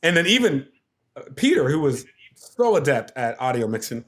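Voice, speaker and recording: A man's voice: mid-range voice, lively intonation, brisk. A middle-aged man telling a story as a podcast guest, acting out quotes and sound effects as he goes. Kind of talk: casual storytelling.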